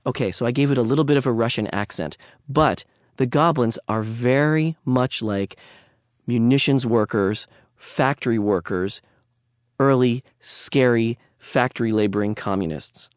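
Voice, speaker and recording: A man's voice: mid-range voice, moderate pace, dry recording, clean studio sound. A man lecturing on literature in a conversational way, with digressions and wry asides.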